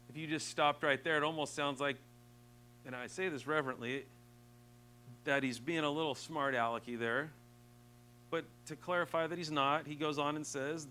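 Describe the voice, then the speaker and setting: A man preaching a sermon, earnest, rising to emphatic peaks and dropping soft and slow. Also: mid-range voice, rough recording.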